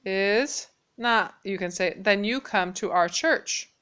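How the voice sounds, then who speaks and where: A woman teaching a casual Mandarin lesson, patiently repeating phrases slowly and clearly. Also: medium pitch, a bit bright. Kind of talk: casual spoken language lesson.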